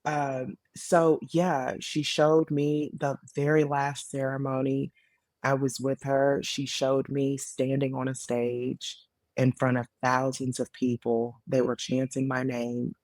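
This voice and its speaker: A woman in her late thirties, a podcast guest, telling her story in casual conversation, earnest and animated with frequent fillers. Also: rumbling low, slow, dry recording, clean studio sound. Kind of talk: casual interview testimony.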